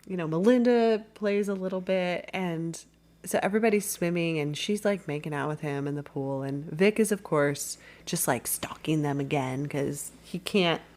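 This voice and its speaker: Podcast co-host, woman, lowish voice, chatty rambling recap style. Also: normal speed, a little mellow. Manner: rambling plot recap full of "like". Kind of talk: casual film-review chat.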